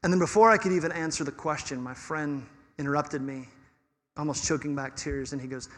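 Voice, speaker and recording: A male pastor delivers a sermon in a conversational, earnest way, his voice sitting a little higher than most men's. Short laughs break up his points. His words ring out with a long church reverb behind them. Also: a little fast, fairly bright tone. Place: church sanctuary.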